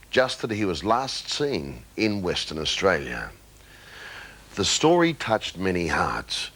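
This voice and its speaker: A man giving scripted documentary narration in a measured, solemn manner. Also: low voice, fairly bright tone. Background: background music.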